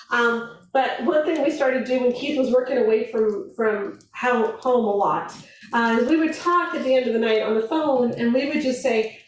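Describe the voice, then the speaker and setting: A woman with a fairly high voice gives a conference talk in a very echoey hall, picked up from some distance. She talks in a quick, chatty way, laughs a lot and slips into little acted-out quotes. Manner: animated, chatty, laughs often, acts out quotes. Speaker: event speaker on marriage.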